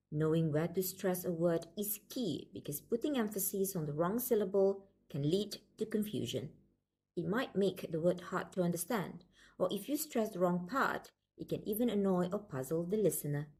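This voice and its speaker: Husky woman reading a lecture. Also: medium pitch, mellow. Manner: measured, explanatory. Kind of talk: scripted lecture narration.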